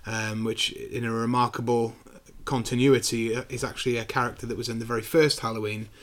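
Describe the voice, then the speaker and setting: A man co-hosting a casual film review podcast, retelling scenes with animated quick impressions. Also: mid-range voice. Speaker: podcast co-host.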